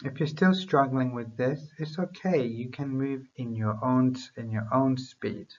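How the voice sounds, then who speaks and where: A man teaching a beginner English lesson, reading drill phrases slowly and deliberately for learners to repeat. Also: medium pitch, muffled recording.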